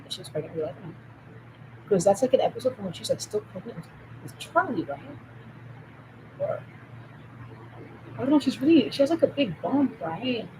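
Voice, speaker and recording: A woman in a rambling solo monologue who jumps between topics, swears, and swings from loud outbursts to low mutters. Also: noisy background.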